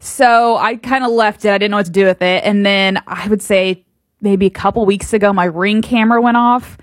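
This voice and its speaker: A woman's voice: medium pitch, steady tone, moderate pace, no echo, clean studio sound. Matter-of-fact woman telling a story. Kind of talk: casual anecdote.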